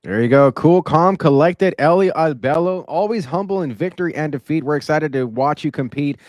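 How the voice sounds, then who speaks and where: A man hosts a podcast interview, talking with hype-driven energy. His voice sits a touch high. The sound is dry and close. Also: fairly quick, darkish tone, no room sound. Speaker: podcast host.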